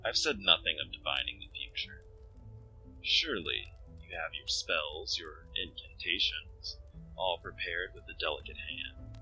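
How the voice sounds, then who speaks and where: A man's voice: deep voice, wildly swooping pitch, a little slow, sharp tone, faint music behind, exaggerated voice, rough recording. A man voicing a cold, suspicious young woman in a visual novel, questioning formally and icily. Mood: cold, probing. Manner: probing, formal, icy.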